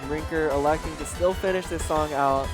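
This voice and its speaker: A man's voice: on the high side, fairly even intonation, moderate pace. A man giving live, conversational commentary at a gaming tournament, enthusiastic and chatty. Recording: music and crowd behind.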